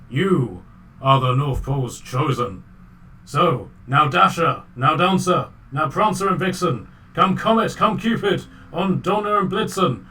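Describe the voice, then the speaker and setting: A man's voice: a little high, pushed and bright, distant mic, voice pushed up. A man doing a bombastic revolutionary reindeer with a mock Russian accent. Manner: bombastic, rousing speech. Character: sinister revolutionary male reindeer leader.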